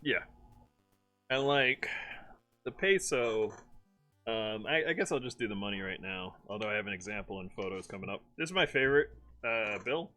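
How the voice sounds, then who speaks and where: This young streamer host from Maryland, USA tells stories in a casual live chat, laughing frequently and breaking into playful impressions. His lowish voice is animated, pushed and bright, at a moderate pace, with faint music playing behind him.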